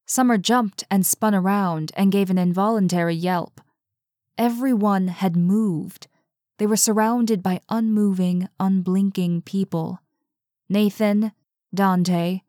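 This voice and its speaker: A woman narrating a suspenseful story in a steady, measured way. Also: fairly low pitch, dry recording, clean studio sound. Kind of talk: audiobook narration.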